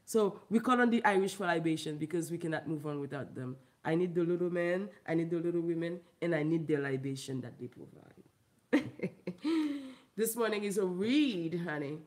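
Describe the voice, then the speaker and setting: A woman from Haiti, a vlogger and comedian, ranting loudly and emphatically with a lot of laughter. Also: animated, normal speed. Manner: loud, emphatic, profane, laughing, big pitch swings. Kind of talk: ranting commentary vlog.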